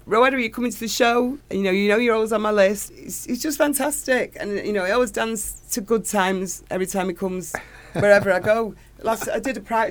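A middle-aged woman singer, chatting enthusiastically as an interview guest. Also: medium pitch. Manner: gushing, enthusiastic storytelling. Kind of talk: casual interview chat.

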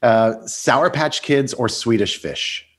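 A man hosting an interview, upbeat and laughing often as he fires off quick quiz questions. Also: medium pitch. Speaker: interview host. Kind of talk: podcast interview with quiz round.

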